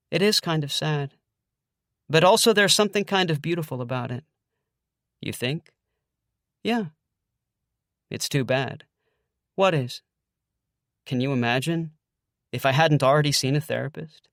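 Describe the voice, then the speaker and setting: A man's voice: mid-range voice, normal speed, vocal fry, long pauses, fairly bright tone, no echo, studio quality. A man narrating an audiobook in the first person, in a wry, conversational way.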